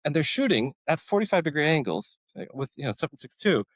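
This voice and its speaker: A middle-aged man tells a long war story in a casual podcast chat. He is lively and animated, jumps into the voices of the people he quotes, and his voice swings up and down. The sound is dry and close. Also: on the high side, quick pace, no room sound, poor audio. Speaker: podcast guest, former special forces medic.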